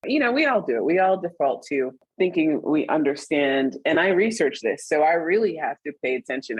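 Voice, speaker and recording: A middle-aged woman as an interview guest, talking reflectively and turning animated when she retells stories. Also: low-pitched, a little fast, hardly any pauses, slightly rough, dry recording, low-quality recording. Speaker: interview guest, magazine editor. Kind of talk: conversational interview.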